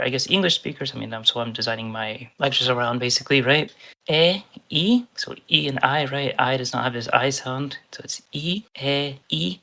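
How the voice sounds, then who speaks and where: Guy teaching a beginner language class online, gravelly, bright tone, lots of "right?". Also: mid-range voice. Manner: informal, filler-heavy, spells out letters and drills sounds. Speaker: Spanish teacher. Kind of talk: online lecture.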